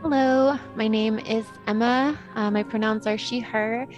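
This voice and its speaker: A woman introducing herself as a player in a tabletop game, speaking gently. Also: on the high side, steady tone, a little slow, highs cut off, faint music behind. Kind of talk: casual chat.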